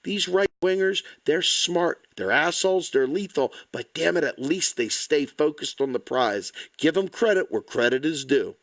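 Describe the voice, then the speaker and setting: A man delivers a furious political rant, swearing freely and talking bluntly. His voice sits a little high for a man. The sound is dry and close, with no room echo. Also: a bit bright. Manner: angry, blunt, profane. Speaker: political commentator. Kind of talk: impassioned rant to camera.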